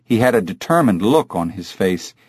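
A man narrating a novel in a measured storytelling voice. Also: fairly low pitch, sing-song, a little mellow, slightly rough, dry recording, studio quality. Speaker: audiobook narrator. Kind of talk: scripted narration.

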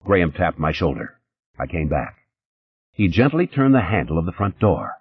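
A man reading a first-person crime story in a hard-boiled, matter-of-fact way. His voice is very low and husky, yet lively in its rise and fall. The recording is dry and somewhat muffled. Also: moderate pace. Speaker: audiobook narrator.

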